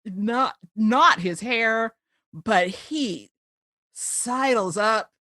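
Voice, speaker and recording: Speaking very slowly in a slightly high voice, a woman hosting a podcast recaps a cartoon episode in relaxed conversation. She's a giggly, lively storyteller with lots of laughter, recorded without echo.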